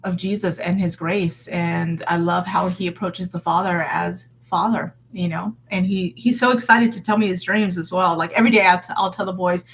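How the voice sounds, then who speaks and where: Here a woman in her thirties chats earnestly with viewers in a casual faith vlog, offering encouragement through frequent fillers and restarts. She keeps a fairly low, fairly even voice at a moderate pace with hardly any pauses, and faint noise sits behind her.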